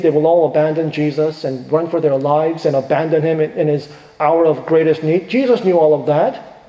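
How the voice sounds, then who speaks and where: A middle-aged man, a pastor, preaching a sermon with emphatic swings between hushed and rising delivery. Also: a little high, moderate pace. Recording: echoey hall with long reverb.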